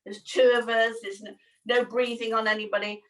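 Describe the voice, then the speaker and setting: High bright-voiced chatty woman. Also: flat delivery, moderate pace, far from the mic, poor audio. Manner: chatty storyteller, laughs often, acts out quoted voices. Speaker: co-host. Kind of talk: casual chat.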